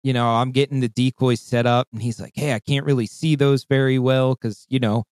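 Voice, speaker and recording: Here a man tells a long hunting yarn in a casual, foul-mouthed, energetic way, performing the voices and calls himself. His pitch is medium, his pace fairly quick, and the audio has no room sound.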